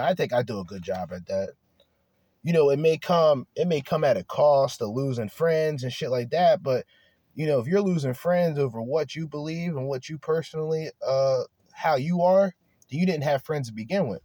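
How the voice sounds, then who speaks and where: A man speaking in a blunt, rambling monologue, cursing freely and tripping over restarts. His pitch sits in the middle range for a man. The sound is dry and close, with no room echo. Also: a little mellow. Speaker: podcast host. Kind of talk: casual monologue.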